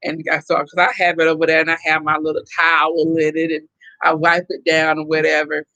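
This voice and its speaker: A middle-aged woman from the Southern United States hosting a casual live stream, chatting and reacting to viewer comments in an animated way. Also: deep voice, brisk, dull audio. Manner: chatty and animated, laughing often. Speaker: host reading viewer comments.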